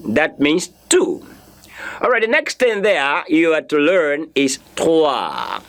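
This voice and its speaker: A man's voice: a little high, wildly swooping pitch, slow, fairly bright tone. A man teaching a beginner French class, repeating words and spelling them out letter by letter. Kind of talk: classroom lesson.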